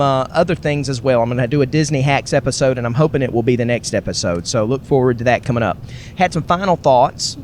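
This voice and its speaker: A man hosting a podcast, recapping a family trip in a rambling, chatty way while riding in a car. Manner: rambling, chatty, self-correcting. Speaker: podcast host. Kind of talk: casual travel recap. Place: car on the road. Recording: faint road noise. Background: faint vehicle rumble.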